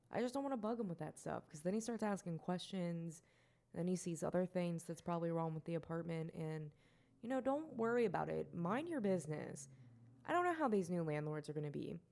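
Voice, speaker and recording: A rambling woman in her twenties talks through a solo podcast episode on her own. Her voice sits on the low side, and she swears and laughs at herself as she goes. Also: expressive, moderate pace, darkish tone. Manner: rambling, self-mocking, swears, laughs often. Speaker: podcast host.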